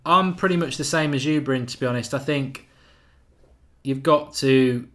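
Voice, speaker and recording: A man's voice: medium pitch, moderate pace, a bit bright. A man hosting a live football watchalong, chatting casually and reading out viewer comments. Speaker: watchalong host.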